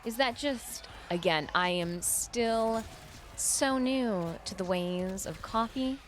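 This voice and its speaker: A woman's voice: on the high side, takes it slowly, a little hiss or hum. A woman chatting casually while streaming a video game, laughing often and rambling into asides at her desk mic. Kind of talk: casual chat while gaming.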